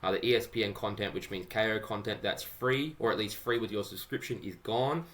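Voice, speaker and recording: A man's voice: on the low side, fairly quick, fairly bright tone. An Australian man hosting a podcast in a casual, upbeat, chatty way, often calling his co-host "mate". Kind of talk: casual chat.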